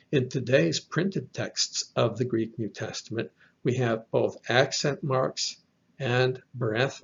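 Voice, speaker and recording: Slow gravelly man teaching from slides. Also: medium pitch. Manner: slow, careful, spells out letters. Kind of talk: slide lecture on Greek. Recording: dull lo-fi recording.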